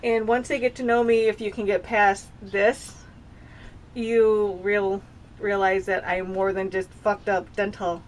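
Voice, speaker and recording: A woman's voice: medium pitch, flat delivery, a little slow, slight background noise. A woman in her thirties talking at home in a casual personal vlog, rambling and confessional, often circling back and restarting her sentences. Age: 30s. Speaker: vlogger. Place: home with dogs nearby.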